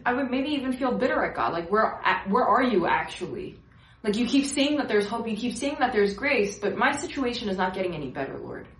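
Animated young woman preaching in an echoey room. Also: a little high. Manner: animated storytelling with acted-out voices. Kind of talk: casual sermon.

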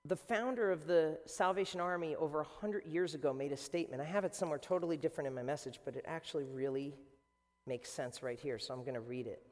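A man preaching a sermon as a pastor, animated and swinging between quiet and loud. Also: a little high, fast. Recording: long hall reverb.

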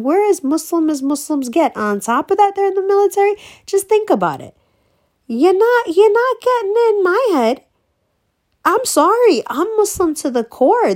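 A woman's voice: high-pitched, a little mellow. Blunt, profane woman ranting. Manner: blunt, profane, emphatic, swings between slow stresses and fast bursts. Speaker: vlogger. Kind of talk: casual ranting monologue.

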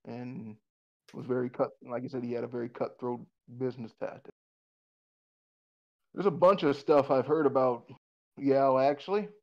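A man's voice: medium pitch, steady tone, normal speed, pauses often, lo-fi sound. A man in casual conversation who rambles, restarts often, repeats words and swears bluntly.

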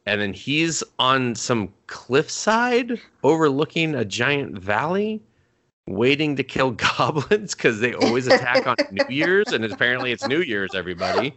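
A young man casually recapping an anime film, rambling and profane, and acting out characters in quick asides. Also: medium pitch, wildly swooping pitch, a bit bright. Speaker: podcast co-host.

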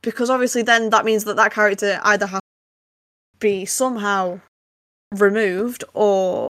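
A woman's voice: mid-range voice, fairly even intonation, unhurried, fairly bright tone, dry recording, clean studio sound. A young woman, co-hosting a casual podcast chat, laughing often and talking with lots of fillers. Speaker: podcast co-host.

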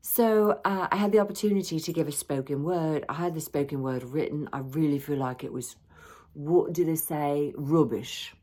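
Playful woman podcast host, low-pitched voice, chatty and self-mocking, jumps into high excited bits. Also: moderate pace. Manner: playful, self-teasing, bursts of high animated emphasis. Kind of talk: casual solo podcast chat.

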